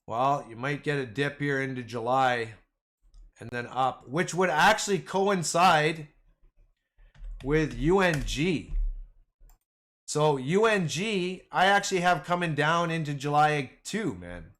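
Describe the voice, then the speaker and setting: A man chatting casually through a trading livestream, rambling and excitable, calling his viewers "boys" and "man". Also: fairly high pitch, slow pace. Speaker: stock trading streamer. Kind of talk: casual livestream chat over charts.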